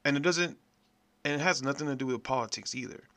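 A man hosting a podcast, delivering a profane, blunt, animated rant in a casual monologue. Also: mid-range voice, fast talker. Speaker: podcast host.

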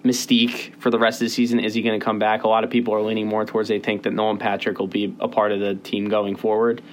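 A young man hosting a casual sports podcast, rambling with many fillers and quick bursts of speech. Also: lowish voice, monotone. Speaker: podcast host.

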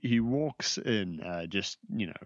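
A man runs a tabletop game in a relaxed, halting way, often repeating words. His voice is fairly low. The recording is dull and dry. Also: dry recording. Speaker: game master.

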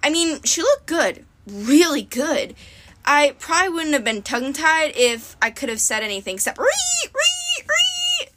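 A woman narrating a story in the first person, expressive and dramatic. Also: high-pitched, moderate pace. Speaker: audiobook narrator.

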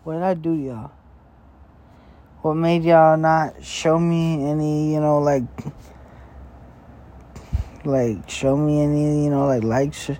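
Slow, rambling young man on a late-night podcast. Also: fairly high pitch, fairly even intonation, dark tone. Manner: slow, crude, meandering talk full of filler and swearing. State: breathing heavily after a big meal. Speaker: podcast host. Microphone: podcast microphone.

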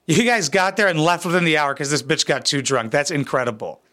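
A man's voice: on the high side, fairly quick, bright, forceful tone. A man giving crude, sarcastic reaction commentary as a YouTuber, blunt and full of swearing.

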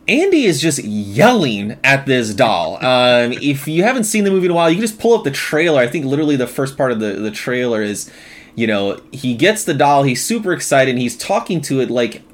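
A man in his thirties co-hosting a casual movie review chat, talking animatedly and slipping into loud mocking impressions. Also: medium pitch, sing-song, fairly quick. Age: 30s. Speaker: podcast co-host.

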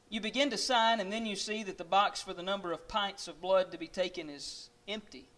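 A man's voice: sits high, brisk, few pauses, sharp tone. A man preaching, telling a dramatic story in the second person to his listeners. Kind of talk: sermon storytelling.

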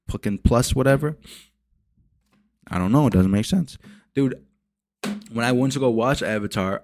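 A young man hosting a solo podcast, rambling and swearing as he retells movie scenes with lively energy. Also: on the low side, dry recording. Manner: rambling, profane, animated retellings. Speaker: podcast host. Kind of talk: casual solo podcast rant.

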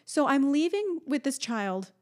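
A woman in her thirties telling a long family story in a casual chat, animated and acting out the people she quotes. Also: measured pace. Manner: animated storyteller, acts out a toddler's high voice. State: pregnant.

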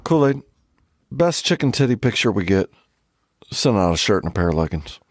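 A man's voice: lowish voice, big pitch swings, moderate pace, dry recording, clean studio sound. A man co-hosting a podcast, joking and laughing in crude casual banter. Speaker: podcast co-host.

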